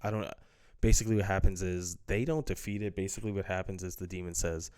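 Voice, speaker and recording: Male movie reviewer, low voice, casual and profane, loose and filler-heavy. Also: fast, darkish tone, clear, resonant tone. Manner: blunt, profane, full of fillers. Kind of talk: casual ranting film review.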